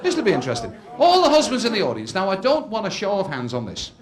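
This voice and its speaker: A man's voice: high voice, wildly swooping pitch, quick pace, crowd noise. A man doing a stand-up comedy routine, telling stories and acting out characters in shifting voices, recorded live before an audience. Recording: live show with loud audience laughter. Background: audience laughing.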